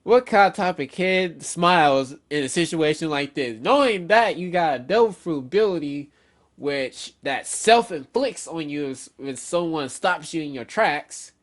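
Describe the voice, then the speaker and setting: A man's voice: on the high side, lively intonation, measured pace. A man giving a casual, rambling chapter review with many fillers and some casual swearing. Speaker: manga reviewer.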